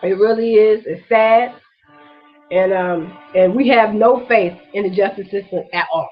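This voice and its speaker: A woman's voice: medium pitch, measured pace, muffled recording, soft background music. A woman hosting her own vlog, ranting with raw emotion, profane and repetitive, while holding back tears. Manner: profane, repetitive, impassioned street-talk rant. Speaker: vlog host.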